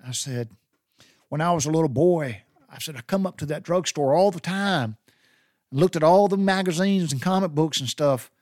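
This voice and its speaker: A man's voice: fairly high pitch, moderate pace, darkish tone, no echo. Middle-aged Southern man, dry close sound, rambling heartfelt storyteller. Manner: rambling and heartfelt, with many restarts. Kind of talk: personal storytelling.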